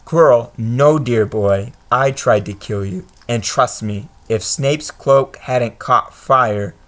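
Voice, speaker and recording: A man reading out the lines of a smug, scheming male teacher villain from a game, at a slow pace. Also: mid-range voice, lightly acted. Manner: reads game dialogue aloud slowly.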